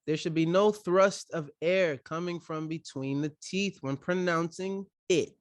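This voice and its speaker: A man's voice: a little high, unhurried, few pauses, dry recording. A man teaching a pronunciation lesson for Quran recitation. He speaks straight to the viewer into a close microphone and repeats short syllables to show the right and the wrong way.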